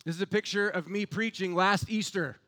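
A pastor delivers an impassioned sermon, his voice sitting fairly high for a man. He preaches with fervent, building emphasis, pressing each point with rhetorical questions. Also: fairly quick, a bit bright.

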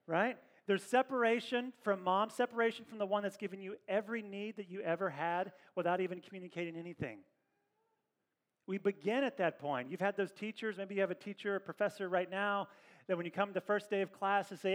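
High male voice, pastor, conversational sermon, animated, church setting. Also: fairly quick. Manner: conversational, animated preaching with asides to the congregation.

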